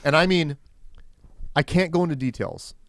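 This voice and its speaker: Animated jokey man. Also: fairly high pitch, moderate pace, no room sound. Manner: animated, jokey anecdote-telling. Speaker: podcast co-host. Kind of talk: casual comedy podcast chat.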